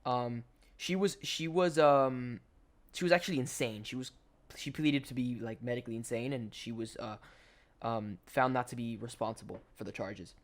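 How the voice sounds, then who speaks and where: Young guy, casual storytelling commentary, slangy and rambling, mid-pitched voice. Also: moderate pace. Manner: rambling, slangy, full of "like" and restarts. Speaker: gaming commentator. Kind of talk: casual storytelling over gameplay.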